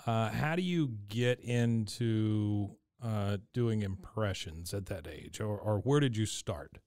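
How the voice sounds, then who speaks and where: A man's voice: fairly low pitch, takes it slowly, a little mellow, smooth, no echo, clean studio sound. A man co-hosting a podcast, interviewing a guest with friendly questions and easy laughter. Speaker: podcast co-host. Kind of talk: casual interview.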